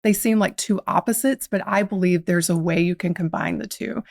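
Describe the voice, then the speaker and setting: A woman's voice: on the low side, normal speed, gravelly, a little mellow, dry recording, clean studio sound. A woman from the South, speaking, tells her story reflectively as a guest in a podcast interview. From American South. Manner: reflective, uses quoted inner dialogue.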